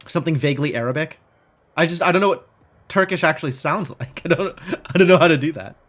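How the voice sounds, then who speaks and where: A man's voice: on the high side, quick pace, fairly bright tone. A man streaming a game live, chatting aloud, reading lines and second-guessing himself. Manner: chatty, self-doubting, thinks aloud with restarts. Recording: game music in background.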